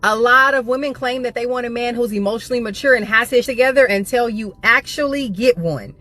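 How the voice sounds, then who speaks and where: A woman's voice: on the high side, brisk, fairly bright tone. Assertive woman preaching relationship opinions.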